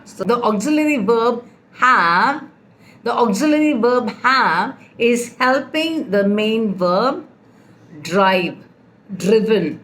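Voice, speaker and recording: A woman teaches grammar at a slow, unhurried pace. She repeats example sentences patiently as she explains each point. Her voice sits a little high, with faint noise in the background. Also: a bit bright. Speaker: English teacher. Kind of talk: grammar lesson.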